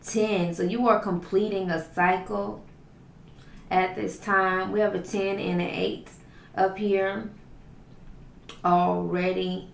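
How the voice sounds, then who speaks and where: A woman's voice: medium pitch, level tone, slow, vocal fry, long pauses, roomy sound, slight background noise. A woman giving a spiritual tarot reading in a flowing, repetitive, affirming way, stacking up lists of phrases. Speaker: tarot reader.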